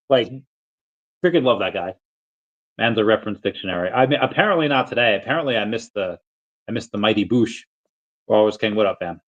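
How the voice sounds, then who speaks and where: A man's voice: on the low side, expressive, a little fast, long pauses. Rambling man streamer, lo-fi tablet mic. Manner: rambling, self-amused, chatty. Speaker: livestream host. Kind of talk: casual livestream chat reading. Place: empty basement room.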